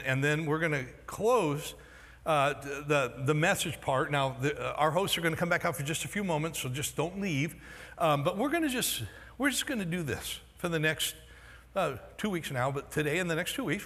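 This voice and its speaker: Male pastor, raised pitch, animated sermon style, voice going hoarse, big reverberant sanctuary. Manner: animated, jokey storytelling with quick voice swings. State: losing his voice. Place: large church hall. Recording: long hall reverb in a church auditorium.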